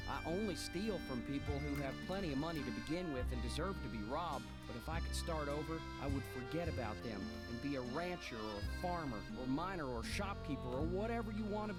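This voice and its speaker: An actor playing a lovesick outlaw man who reads out his heartfelt love letter in a video game, over loud music. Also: mid-range voice, natural voice. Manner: earnest, heartfelt reading.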